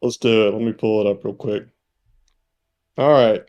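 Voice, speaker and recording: Relaxed, chuckling man from Mississippi. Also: fairly low pitch, moderate pace, highs cut off. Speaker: podcast co-host. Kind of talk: casual podcast chat.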